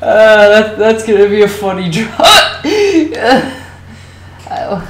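A woman's voice: mid-range voice, big pitch swings, extremely slow. A woman chatting casually while gaming on a voice call, giggly and rambling, tired and hiccuping. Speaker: gamer on a voice call. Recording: roomy echo with faint noise.

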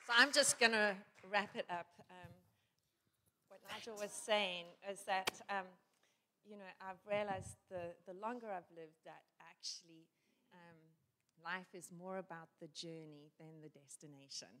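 A woman pastor wrapping up a sermon, speaking thoughtfully with small pauses. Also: mid-range voice, sharp tone, slight background noise. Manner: hesitant, summing up with fillers.

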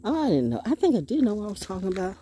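A middle-aged woman chats into a handheld phone as she walks alone outdoors. Her voice is mellow and warm, with a faint hiss behind it. She rambles loosely and often sinks into soft, hushed asides. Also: mid-range voice, sing-song, rapid-fire. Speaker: vlogger. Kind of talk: casual walking monologue. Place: outdoors in nature.

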